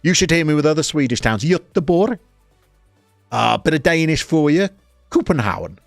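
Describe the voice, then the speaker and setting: A man's voice: a little high, quick pace, gravelly, smooth, no room sound, studio quality, soft background music. A man in his forties with a West Midlands accent, hosting a live stream and bantering jokily with viewers in the chat. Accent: West Midlands English. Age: 40s. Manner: jokey, teasing banter with viewers.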